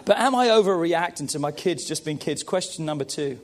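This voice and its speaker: Emphatic pastor preaching to parents. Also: male voice, on the high side, animated, fairly quick. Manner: emphatic, repeats phrases, calls out to the congregation. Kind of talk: sermon.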